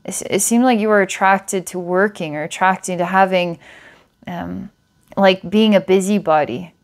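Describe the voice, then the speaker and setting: A woman's voice: medium pitch, measured pace. A woman psychic giving a client a past-life reading, meandering with filler words and small laughs. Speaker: psychic reader.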